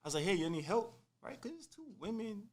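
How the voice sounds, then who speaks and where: A young man casually telling a personal story on a podcast, animated and full of slang, acting out what people said. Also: high voice, fast talker. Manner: animated, slangy, acts out quotes.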